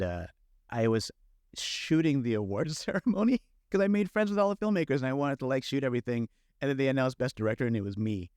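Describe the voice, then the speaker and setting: A middle-aged man, a film director guest, telling stories in casual, animated talk full of fillers and quoted thoughts. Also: medium pitch, no room sound, clean studio sound. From San Francisco Bay Area. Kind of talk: casual conversational storytelling.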